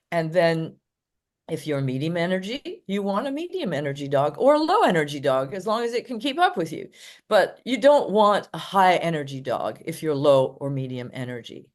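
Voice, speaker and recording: A woman's voice: fairly low pitch, big pitch swings, moderate pace. An older woman, a dog trainer, chatting casually in an interview and telling rambling anecdotes with frequent laughs.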